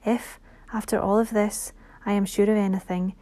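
A woman reading an audiobook who voices a gentle, brave young heroine in a soft voice close to her own. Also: mid-range voice, little pitch movement, normal speed, lightly acted. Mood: encouraging. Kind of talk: audiobook character voice.

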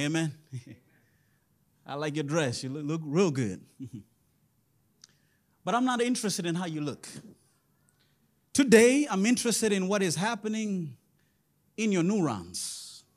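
A male pastor delivering a lively sermon, sing-song and chuckling often, calling out to the congregation. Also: fairly high pitch, unhurried, long pauses.

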